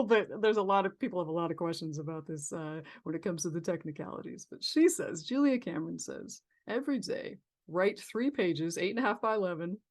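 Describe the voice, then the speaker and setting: Chatty, reflective woman with lowish voice. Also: darkish tone. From San Diego, California. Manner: reflective, chatty, many fillers and restarts. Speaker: therapist guest. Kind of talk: casual podcast interview.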